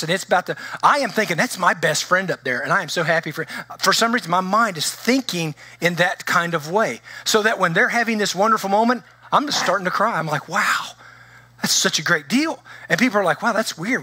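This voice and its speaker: A man pastor preaching a conversational, animated sermon in a church, with frequent restarts. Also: sits high, fairly quick, no room sound. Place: church sanctuary.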